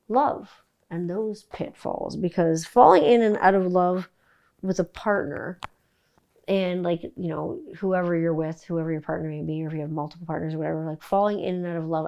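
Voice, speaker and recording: A middle-aged woman from Canada hosting a casual solo podcast, telling stories bluntly with plenty of swearing. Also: lowish voice. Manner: blunt, profane, animated storytelling. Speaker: podcast host.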